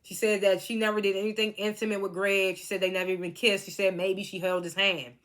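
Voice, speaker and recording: A woman's voice: medium pitch, little pitch movement, fast, fairly bright tone. Chatty woman recapping reality TV. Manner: chatty, laughs often, quotes cast members. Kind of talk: casual recap.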